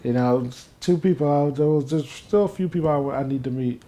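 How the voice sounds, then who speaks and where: A young man from New Jersey, appearing as an interview guest, casually tells stories and acts out the quotes with growing excitement. His voice is medium-pitched and fairly quick.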